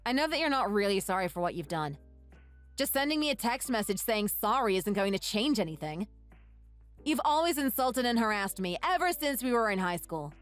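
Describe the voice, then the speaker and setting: A woman's voice: medium pitch, sing-song, fairly quick, faint music behind, natural voice. A woman voicing a wronged young bride-to-be who speaks firmly and scornfully to her old tormentor. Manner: firm, scornful.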